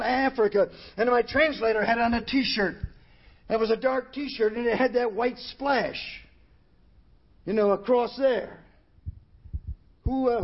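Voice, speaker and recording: A man preaching a sermon in a church, emphatic and rising to shouts on key phrases. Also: extremely high pitch, a little hiss or hum. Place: church hall. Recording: dull lo-fi sermon recording.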